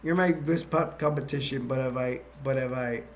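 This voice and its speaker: A man casually repeating the lines of a boastful male space villain while he retells a movie, in a loose, halting way. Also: mid-range voice, a little hiss or hum, lightly acted. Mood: taunting.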